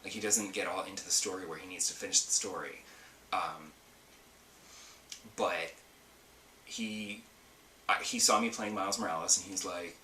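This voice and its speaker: A man's voice: deep voice, animated, moderate pace, long pauses, pushed and bright, roomy sound, distant mic, slight background noise. A man hosting a casual solo gaming podcast, chatty and rambling with lots of ums and asides. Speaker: podcast host.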